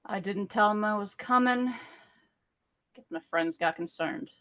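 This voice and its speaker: Brief: woman voicing an evasive mob brother, short defensive replies, bright edge. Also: medium pitch, measured pace, close to an everyday voice. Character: gruff guarded male mobster, evasive with family.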